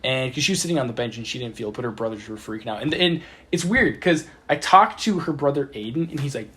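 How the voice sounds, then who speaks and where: A man's voice: medium pitch, lively intonation, quick pace, few pauses, a bit bright. A young man hosting a casual podcast with friends, telling a story with lots of stammered repeats, recorded on a phone. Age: young adult. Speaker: podcast host telling stories. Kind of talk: casual chat among friends. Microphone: phone voice memo app.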